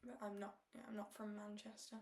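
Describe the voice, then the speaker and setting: A woman's voice: mid-range voice, level tone, a little fast, a little mellow, slight background noise. A young woman from Britain, chatting casually as she bakes at home, rambling and trailing off. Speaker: streamer. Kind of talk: casual chat while baking. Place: home kitchen.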